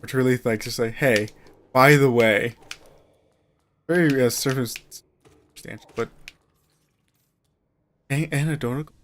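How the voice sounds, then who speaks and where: A man's voice: mid-range voice, steady tone, takes it slowly, long pauses, fairly bright tone, a little hiss or hum. A tired man, rambling in casual gameplay commentary as a streamer, often trailing off mid-sentence.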